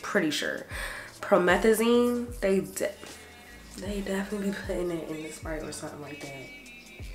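A young adult woman vlogger chatting casually to her camera, animated and saying "y'all" a lot. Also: fairly low pitch, moderate pace. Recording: roomy echo, faint music behind.

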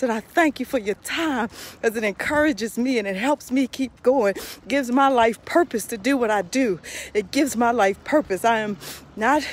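A woman's voice: high-pitched, moderate pace, slightly rough. A middle-aged woman pastor praying and chatting casually on a live stream outdoors by a street, laughing often between phrases.

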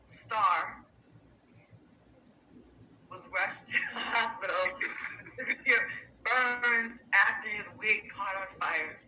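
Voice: mid-range voice, very slow, pauses often, bright, forceful tone. A host opening and running a gossip talk show in a casual, teasing way, often laughing. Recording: dull lo-fi sound with faint noise.

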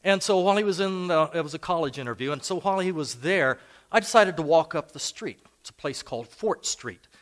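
Fairly quick and lively in intonation, this older pastor's voice sits on the high side. He delivers a storytelling sermon, relating personal anecdotes in a conversational way.

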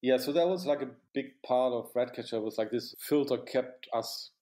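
Halting, reflective male cinematographer. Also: mid-range voice, mellow. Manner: halting, many restarts and "you know". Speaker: cinematographer, interview guest. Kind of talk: reflective interview recollection.

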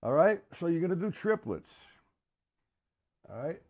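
A man giving a live-streamed drum lesson. He counts beats out loud and chats casually with viewers between exercises. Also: on the high side, very animated, measured pace. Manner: counts out loud over drumming, chatty asides to viewers. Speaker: drum teacher. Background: drum kit playing.

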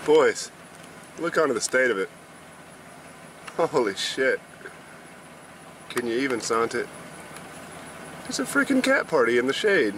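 A joking, foul-mouthed man vlogs through a parking lot and a home improvement store, his pitch swinging up and down. He keeps calling his viewers "boys". Traffic and store noise run clearly under his voice. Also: very animated, unhurried, long pauses. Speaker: vlogger. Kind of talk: casual vlog chat. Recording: noisy outdoor and store audio.

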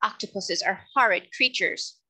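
A woman's voice: medium pitch, moderate pace, pushed and bright. A woman voicing a spirited, blunt little girl who speaks scornfully, in a storybook reading.

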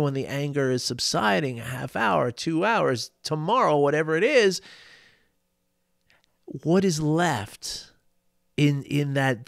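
Animated storytelling man, dry sound. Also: medium pitch, vocal fry, no room sound. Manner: animated, laughs often, acts out quotes. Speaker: life coach. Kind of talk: reflective storytelling monologue.

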